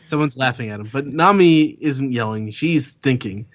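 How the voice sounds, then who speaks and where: A man's voice: medium pitch, normal speed, no echo. A man co-hosting a casual podcast, recapping a comic chapter and acting out quotes. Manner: lively, acts out quotes with laughs. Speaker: podcast co-host. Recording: dull lo-fi podcast audio.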